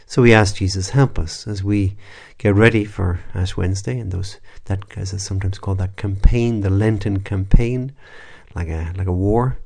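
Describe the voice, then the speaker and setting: A priest with a deep, creaky voice leads a spoken prayer meditation. He takes it slowly and reflectively, adding soft asides and occasionally starting over.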